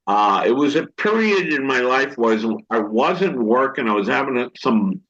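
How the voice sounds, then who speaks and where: A man's voice: medium pitch, sing-song, moderate pace, fairly bright tone. Older guy telling long stories, keeps restarting, dull lo-fi sound. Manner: rambling anecdotes, acts out others' lines, restarts. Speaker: actor guest. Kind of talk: storytelling interview talk. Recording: dull lo-fi recording.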